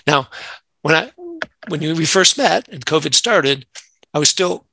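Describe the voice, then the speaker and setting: A man's voice: fairly high pitch, animated, a little slow, creaky, pushed and bright, no room sound, low-quality recording. A man, a nonprofit CEO, talking earnestly in an interview and telling workplace stories. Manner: earnest, acts out quoted dialogue in anecdotes. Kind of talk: conversational interview storytelling.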